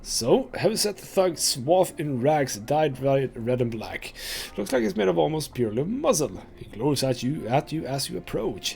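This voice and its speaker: A man's voice: fairly high pitch, big pitch swings, moderate pace, vocal fry, a little mellow, slight background noise. A young man hosting a let's play, giving casual, rambling gameplay commentary and thinking aloud with lots of fillers.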